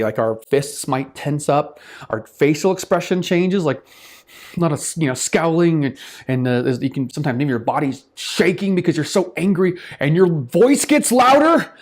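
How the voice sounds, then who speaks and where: A man hosting his own self-improvement channel, reviewing a book in casual talk to the camera. He talks in an animated way, acts out his examples and swears offhandedly. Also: medium pitch.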